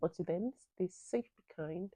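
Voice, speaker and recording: A woman hosting a reaction video, talking in a relaxed, chatty way. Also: lowish voice, moderate pace, heavy background noise. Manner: relaxed and chatty, laughs easily. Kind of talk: casual reaction commentary.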